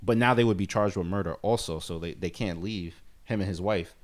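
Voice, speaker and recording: A man's voice: deep voice, fairly quick. A man telling a long travel story in a casual, slang-heavy chat. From United States.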